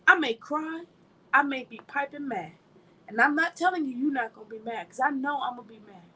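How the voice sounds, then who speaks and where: Woman minister, high bright voice, emphatic and chatty, mixes preaching with personal stories. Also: a little fast, low-quality recording. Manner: emphatic, conversational, laughs while telling stories. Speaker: ministry speaker. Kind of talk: informal sermon with personal anecdotes.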